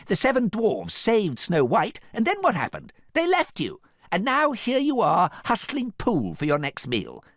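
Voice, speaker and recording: A man voicing a scheming, smooth-talking young prince who delivers theatrical, persuasive speeches. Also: high-pitched, wildly swooping pitch, measured pace, few pauses, fairly bright tone, dry recording, clean studio sound, voice pushed up, full character voice.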